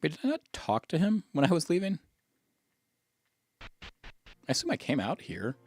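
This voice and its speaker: Lively-voiced man streaming a game. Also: on the high side, a little slow, faint music behind. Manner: chatty, thinks aloud, reads game dialogue aloud. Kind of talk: casual gameplay commentary.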